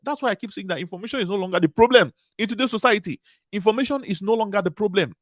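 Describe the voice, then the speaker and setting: A man's voice: high-pitched, rapid-fire, dry recording, clean studio sound. A man giving a motivational conference talk, repeating key phrases with emphatic, preaching cadence. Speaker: conference speaker.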